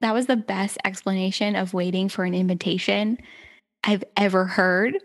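A woman's voice: medium pitch, fairly even intonation, moderate pace. A woman hosting a podcast in casual conversation, upbeat and laughing easily. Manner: upbeat, laughs often, chatty. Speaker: podcast host.

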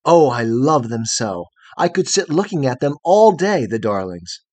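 A man reading the lines of a gentle, innocent young girl of the night in a storybook, speaking with tender wonder in a husky voice. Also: mid-range voice, very animated, unhurried, dry recording. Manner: wondering, tender, softly earnest.

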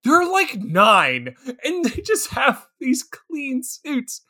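A woman co-hosting a podcast, chatting excitedly about a film, laughing often and swearing freely. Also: high-pitched, takes it slowly, slightly rough. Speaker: podcast co-host. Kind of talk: casual movie recap chat.

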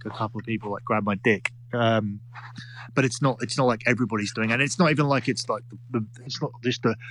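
Rambling man with a mid-pitched voice. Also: fairly bright tone. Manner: rambling, with frequent restarts and self-corrections. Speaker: club DJ and podcast co-host. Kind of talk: casual chat.

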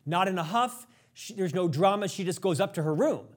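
Guy hosting a podcast, kinda high voice, telling a story on himself, candid and self-deprecating. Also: lively intonation, fairly quick. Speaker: podcast host. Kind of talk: conversational interview storytelling.

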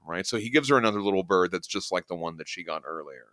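A man's voice: sits low, expressive, quick pace, few pauses, a bit bright, no room sound, clean studio sound. A man hosting a casual podcast, retelling comic book scenes and quoting characters. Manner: retells scenes with quoted lines. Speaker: podcast host.

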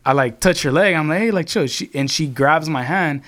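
A man's voice: fairly high pitch, a little fast, fairly bright tone. A young man telling a long story to his friends in casual chat, rambling and swearing, with lots of filler words.

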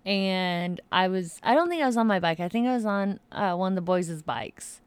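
A woman in her thirties chatting casually as co-host, relaxed and quick to laugh. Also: medium pitch, clear, resonant tone, no room sound. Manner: relaxed, laughs easily, unhurried. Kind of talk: casual chat.

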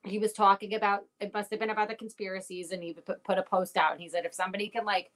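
A woman's voice: mid-range voice, level tone, fast talker. A woman chatting casually, telling a story with lots of profanity and quoted back-and-forth. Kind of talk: casual chat. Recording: noisy recording with clicks.

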